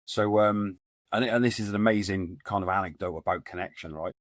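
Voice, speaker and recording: On a podcast, a middle-aged guest, the founder of a men's support group, rambles through stories in casual conversation, full of fillers and false starts. He speaks a little fast in a low-ish register, with studio-quality sound and no room noise.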